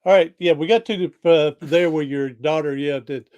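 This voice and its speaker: A man hosting a podcast interview over a video call, supportive and quick with affirming murmurs. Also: on the high side, darkish tone, lo-fi sound. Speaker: podcast host. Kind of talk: casual interview chat.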